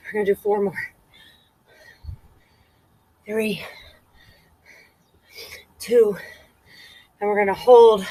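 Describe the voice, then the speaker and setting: A woman's voice: mid-range voice, a little mellow, no room sound, low-quality recording. A woman fitness instructor leading a guided workout, out of breath, counting reps aloud and encouraging.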